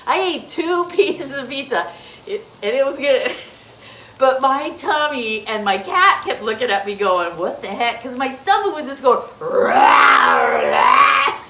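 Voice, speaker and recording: High-pitched chatty lady doing a cooking vlog, laughs a lot, echoey kitchen, faint sizzling pan. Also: lively intonation, moderate pace, background noise. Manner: chatty, laughs often, talks straight to viewers. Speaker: host. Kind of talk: casual cooking demonstration. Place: home kitchen. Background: food sizzling in a pan.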